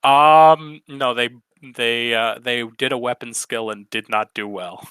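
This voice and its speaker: A man's voice: mid-range voice, fairly even intonation, a little slow, fairly bright tone, smooth, dry recording. A man narrating a tabletop role-playing game as game master, explaining rules with frequent hesitations. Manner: hesitant, many fillers.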